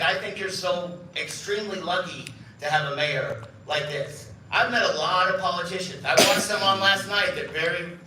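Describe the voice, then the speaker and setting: A man's voice: high-pitched, sharp tone, slight background noise. Man in his fifties telling stories from a stage. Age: 50s. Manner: chatty, self-mocking, acts out dialogue. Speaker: keynote speaker. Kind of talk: storytelling speech to a live audience. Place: event hall. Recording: echoey hall from a distance.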